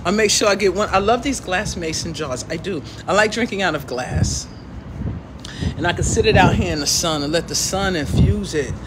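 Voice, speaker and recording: A woman hosting a casual livestream outdoors, loud, preachy and joking as she lectures her viewers. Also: on the low side, normal speed, background noise. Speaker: livestream host. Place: outdoors in the sun.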